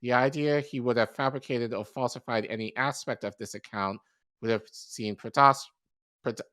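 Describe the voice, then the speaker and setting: A man co-hosting a podcast who reads an article aloud, with steady delivery and occasional stumbles and self-corrections. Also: medium pitch, normal speed, no echo. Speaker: podcast co-host.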